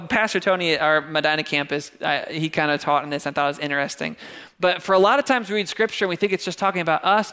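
A man's voice: sits high, sharp tone. Conversational male pastor preaching. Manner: conversational, keeps asking "right?". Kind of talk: sermon.

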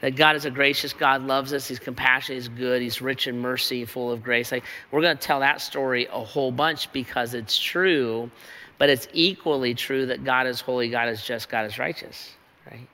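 A man's voice: medium pitch, steady tone, moderate pace, pushed and bright, big-room sound. A man pastor preaching a sermon in a church, with an emphatic, repetitive rhetorical cadence.

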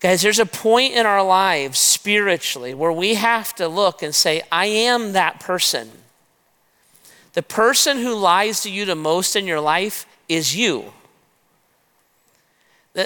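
A man preaching a sermon, retelling a scripture story in a lively way and talking straight to his listeners as "guys". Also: high voice, smooth. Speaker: pastor. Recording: long reverb of a large hall.

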